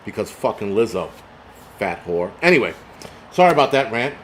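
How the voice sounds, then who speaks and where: A man's voice: lowish voice, big pitch swings, moderate pace, slight background noise. A middle-aged man hosting a live stream, ranting profanely and reading chat comments aloud, a little tipsy from liquor. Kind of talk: casual live stream rant.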